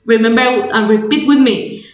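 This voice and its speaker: In an echoey room, a young woman whose voice sits on the high side teaches English grammar online at normal speed. Spanish is her native language and shows in her accent; she walks through points step by step, restarts and repeats, and slips into Spanish now and then.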